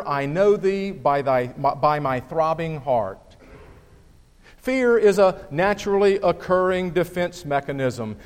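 Man preaching in a reverberant hall. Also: high voice. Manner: measured, deliberate preaching with slow emphatic pauses. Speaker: pastor. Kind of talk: sermon with scripture reading. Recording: long reverb of a church hall.

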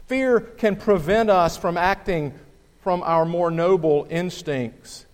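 A man preaching a sermon, reading scripture and speaking in a measured, deliberate way with slow, emphatic pauses. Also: sits high. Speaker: pastor. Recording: long reverb of a church hall.

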